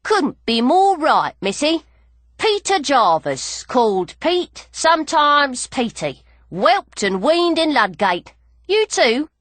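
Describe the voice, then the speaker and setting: A man's voice: extremely high pitch, sing-song, slow pace, a bit bright, no room sound, exaggerated voice. A woman reader voicing a small, cocky male jockey of about thirty with a Cockney accent and an easygoing, drawling way of talking. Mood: friendly. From London.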